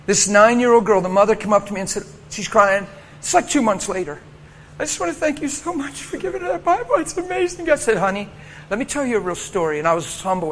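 A man preaching a sermon, telling a story with lively acted-out voices and frequent laughter. His voice sits high and bright, ringing out with long reverb in a church hall with faint ambience behind him. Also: slight background noise. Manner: animated storytelling, acts out voices, laughs often. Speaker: pastor.

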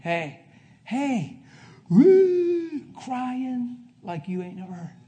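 High-voiced man preaching with swings from hush to loud. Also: sing-song, very slow. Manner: emphatic, swings from hushed to loud. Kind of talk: sermon with personal story. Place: before a live congregation.

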